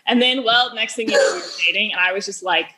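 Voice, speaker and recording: A woman in her thirties speaks as a podcast guest, telling a candid personal story. Her pitch sits in the middle for a woman. She talks in a chatty way, scatters "like" through her sentences and acts out quoted dialogue. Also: quick pace, bright, forceful tone. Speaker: podcast guest, business founder.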